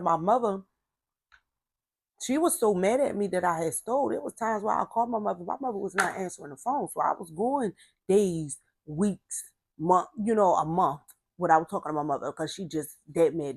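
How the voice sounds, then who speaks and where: A woman sharing a personal testimony, animated, acting out other people's voices and repeating her phrases as she talks. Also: on the low side, no room sound. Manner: repeats herself, trailing fillers like "this, that, and the third". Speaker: testimony speaker.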